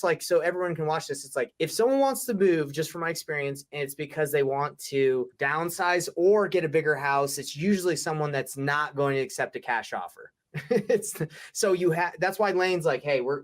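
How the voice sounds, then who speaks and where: A man co-hosting a real estate wholesaling show, coaching casually and acting out quotes in quick asides. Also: fairly high pitch. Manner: upbeat, talks in quick asides and acted-out quotes. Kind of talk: casual teaching chat.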